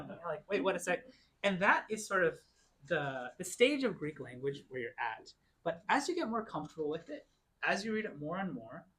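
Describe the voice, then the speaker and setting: Lively-voiced man teaching a Greek class. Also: fairly high pitch. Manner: explains patiently, reads Greek slowly word by word. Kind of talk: classroom lecture. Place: church classroom.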